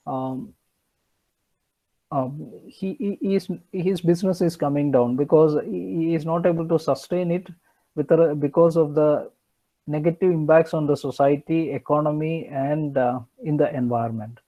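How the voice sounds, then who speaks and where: A man's voice: fairly high pitch, normal speed, dark tone, poor audio. A man giving an online engineering lecture, hesitant with many fillers and restarts.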